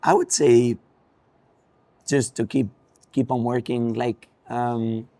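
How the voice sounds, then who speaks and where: A man's voice: medium pitch, flat delivery, slow, warm tone, no room sound. A young man with a Spanish accent, a racing driver, answering interview questions thoughtfully with frequent ums and restarts.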